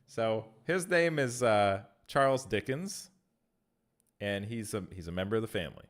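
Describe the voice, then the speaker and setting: A man's voice: on the low side, expressive, normal speed. A man streaming from home in a casual chat, reading out viewer messages and answering them with easy laughs. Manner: chatty, reads chat aloud and answers viewers; laughs easily between phrases. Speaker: streamer and content creator.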